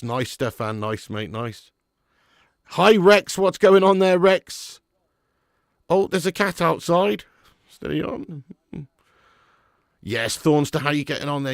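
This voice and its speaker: A man's voice: fairly high pitch, animated, measured pace, pauses often, no echo, clean studio sound. A man hosting a live football watch-along, chatting with viewers by name and commentating with sarcasm.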